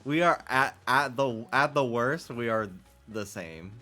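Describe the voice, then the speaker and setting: Male streamer, bright and sharp tone, sarcastic rambler, faint background music. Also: mid-range voice, expressive, measured pace. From United States. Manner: rambling, profane, sarcastic, laughs often. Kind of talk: casual stream chat.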